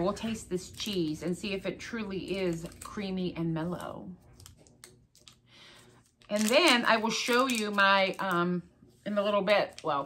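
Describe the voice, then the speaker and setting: A woman's voice: mid-range voice, bright, forceful tone, slight background noise. A middle-aged woman vlogging in a casual chat to the camera, chatty and exclaiming over her crafts. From Ohio, US.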